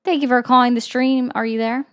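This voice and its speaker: A woman's voice: fairly high pitch, steady tone, brisk, smooth. A woman hosting a political call-in livestream, sarcastic and pointed, pressing callers with repeated questions. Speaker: livestream host taking calls.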